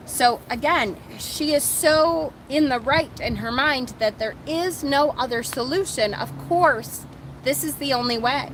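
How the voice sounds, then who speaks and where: Outdoors on sand, a woman with a high voice hosts a casual book discussion at an unhurried pace. She reads passages aloud and comments in a chatty, animated way with lots of fillers, and the rough recording has a little hiss or hum.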